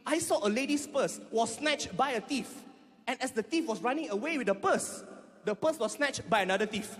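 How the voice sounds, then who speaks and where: A man with a Malaysian English accent doing stand-up comedy, telling animated stories on stage in front of a live audience. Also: normal speed, in a large hall, a little hiss or hum. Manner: animated storytelling with shrill acted voices.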